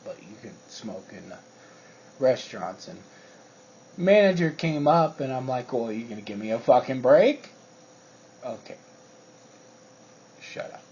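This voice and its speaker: Guy rambling slow through a cussing work story, husky voice, dull lo-fi sound, faint crickets. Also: mid-range voice, darkish tone. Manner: profane, rambling, with frequent fillers. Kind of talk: casual personal storytelling.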